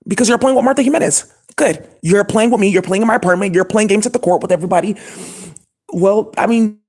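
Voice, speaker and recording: A channel host delivers a long, scattered monologue to camera. The voice is husky and sits at an ordinary middle pitch. The talk is profane and indignant, full of fillers and restarts. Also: quick pace, darkish tone.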